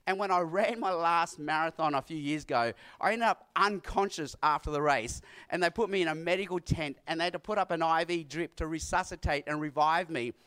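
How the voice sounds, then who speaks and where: A middle-aged man preaching an earnest sermon, repeating key lines with dramatic pauses. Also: on the high side, a bit bright, clean tone. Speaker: pastor.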